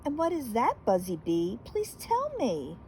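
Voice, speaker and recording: Woman plays wide-eyed storybook boy mouse, high squeaky pitch, lively pleading tone. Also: unhurried, slight background noise, heavily acted, poor audio. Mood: wondering. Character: small curious boy mouse, eager and wondering.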